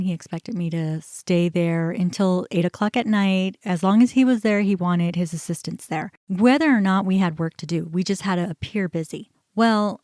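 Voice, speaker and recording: A woman's voice: on the low side, no echo. Candid woman telling a story, dry sound. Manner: candid, conversational, animated when recounting. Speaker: podcast host. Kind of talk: personal storytelling.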